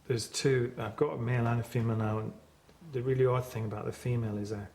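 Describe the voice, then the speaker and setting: A man's voice: medium pitch, fairly even intonation, quick pace, a little mellow. A man working as a medium, hesitantly describing what he senses. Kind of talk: paranormal investigation. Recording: echoey room with background noise.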